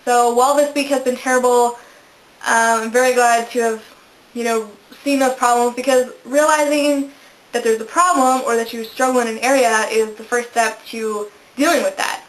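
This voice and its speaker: A young woman in her twenties chats to camera in a casual vlog, her voice sitting a little high. She giggles often and makes fun of herself as she goes. The room around her rings with some echo. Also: steady tone, moderate pace. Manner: chatty, giggly, self-deprecating. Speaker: vlogger. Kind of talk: casual chat. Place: indoors, a room in a house. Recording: echoey room.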